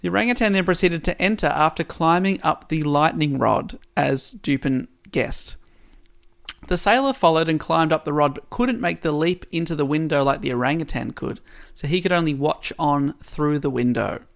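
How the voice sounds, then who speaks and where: A podcast host retelling a story's plot in a casual way, with dry asides along the way. His voice is gravelly and sits a little high for a man. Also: moderate pace.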